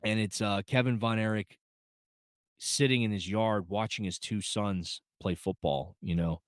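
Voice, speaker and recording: A man's voice: fairly low pitch, steady tone, unhurried, no echo, studio quality. A man casually reviewing a film, rambling with many fillers and restarts, choked up and holding back tears. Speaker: movie reviewer.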